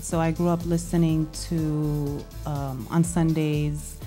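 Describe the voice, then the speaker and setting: A woman's voice: low-pitched, flat delivery, slow pace, mellow, faint music behind. A woman in her forties from Massachusetts, a spoken word artist and DJ, talking openly and thoughtfully as a guest in a studio interview. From Lawrence, Massachusetts, USA. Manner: thoughtful, open, says "um" and "yes, sir". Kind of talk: casual interview.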